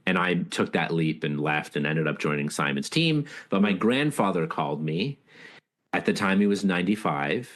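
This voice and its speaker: A man talking as an interview guest, an author and leadership speaker who tells stories in an earnest, reflective, heartfelt way. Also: sits low. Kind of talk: casual interview storytelling.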